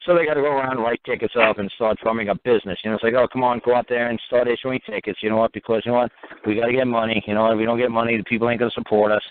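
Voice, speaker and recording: A man's voice: mid-range voice, fairly even intonation, racing, slight background noise. A man hosting a radio talk show, talking in a rambling, profane monologue that keeps coming back to "you know what". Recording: tinny phone-line sound.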